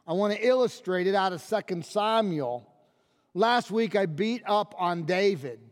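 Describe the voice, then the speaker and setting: A male pastor preaching a sermon with emphatic delivery, dropping low and quiet on key phrases. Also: in a large hall.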